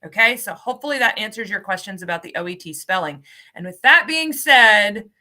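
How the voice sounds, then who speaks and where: A woman's voice: mid-range voice, lively intonation, brisk, bright, forceful tone, faint music behind. A woman hosting a live webinar, upbeat and cheery, calling out giveaway winners and stumbling over their names. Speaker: host, ESL program coordinator.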